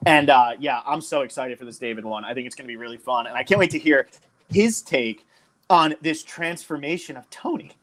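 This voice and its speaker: A man's voice: medium pitch, a little fast, fairly bright tone. A young man from New Jersey co-hosting a podcast, talking casually and enthusiastically with lots of fillers. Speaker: podcast co-host.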